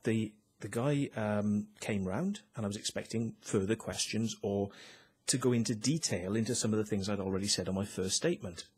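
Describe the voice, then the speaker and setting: A man's voice: on the low side, normal speed, darkish tone, slightly rough. A man, casually retelling a run-in on his own video, emphatic and swearing now and then. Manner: emphatic, tag questions, swears. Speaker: vlogger. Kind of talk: casual storytelling to camera.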